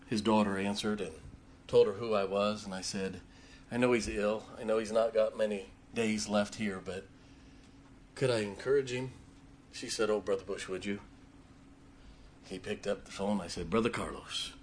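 A man preaching, telling a personal story with emotion and dropping his voice low in tender moments. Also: fairly even intonation, moderate pace, a little hiss or hum. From Ohio. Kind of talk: sermon storytelling.

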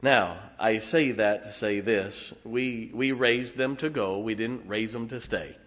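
A middle-aged man preaching a sermon as pastor, folksy and halting, with many fillers. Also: on the low side, fairly bright tone, big-room sound. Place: church sanctuary.

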